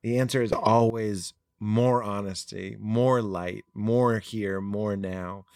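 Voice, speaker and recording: A man's voice: lowish voice, fairly even intonation, slow pace, a little mellow, dry recording, clean studio sound. A young adult man, a podcast guest, talking earnestly and animatedly in casual conversation, laughing often.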